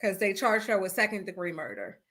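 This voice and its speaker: Talking fairly quickly in a mid-range voice, a woman hosts a podcast over an internet call. It's a casual chat where she animatedly tells stories and acts out what others said.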